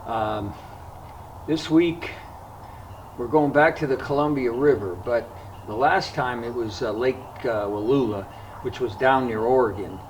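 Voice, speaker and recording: Man, fishing vlogger, casual storytelling, mid-pitched voice, pauses and fillers, faint outdoor ambience. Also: distant mic, a little hiss or hum, poor audio. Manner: unhurried and conversational, with frequent pauses and fillers. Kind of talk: casual spoken storytelling to camera.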